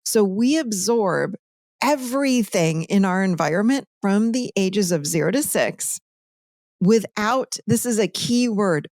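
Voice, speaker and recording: Animated woman telling stories. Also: medium pitch, no echo, studio quality. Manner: animated, lively storytelling. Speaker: podcast guest, author. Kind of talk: conversational teaching.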